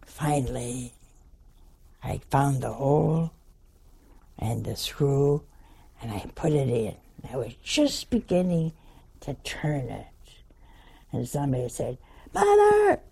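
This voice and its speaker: A woman's voice: a bass voice, slow pace, creaky, long pauses, dark tone, husky. An older woman, a nun, telling a funny story in a wry, folksy, chuckling way. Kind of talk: humorous anecdotal storytelling talk.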